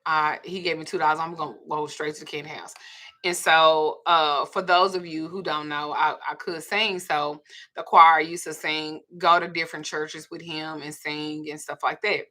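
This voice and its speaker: A woman from the South, telling a personal story in a blunt, profane, animated way. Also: low-pitched, moderate pace. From Southern United States. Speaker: vlogger. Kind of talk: candid storytelling.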